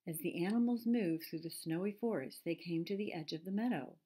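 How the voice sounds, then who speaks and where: A woman reading a children's storybook aloud in gentle, measured narration. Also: fairly low pitch.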